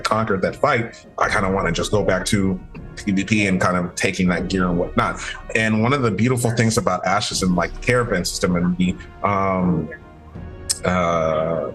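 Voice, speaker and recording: A low-voiced young man talks casually as a podcast guest, circling his points with frequent restarts and fillers. Faint music plays quietly under the talk. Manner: rambling, many restarts and fillers.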